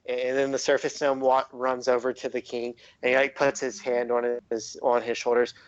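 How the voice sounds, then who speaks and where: A man narrating a tabletop game as game master, casual and halting with many fillers. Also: mid-range voice, little pitch movement, clean tone, no room sound, dull audio. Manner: casual, lots of likes and ums, restarts.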